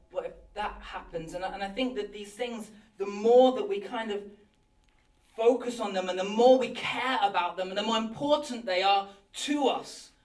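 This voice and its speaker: A man, a pastor, preaching a sermon in an earnest, animated way, acting out people's anxious thoughts in a church hall. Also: sits high. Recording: roomy hall from a distance.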